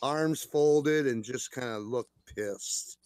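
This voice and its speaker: A man in a casual radio chat who speaks slowly and deliberately. The recording is dry and close, with little room sound. He tells his story with a deadpan edge. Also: medium pitch, clear, resonant tone, no echo.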